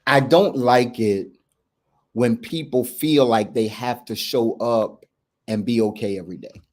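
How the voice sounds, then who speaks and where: A man's voice: medium pitch, a little slow, darkish tone. A man, a men's coach hosting a candid talk, earnest and reflective, often restarting and checking in with "right?". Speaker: men's coach and podcast host.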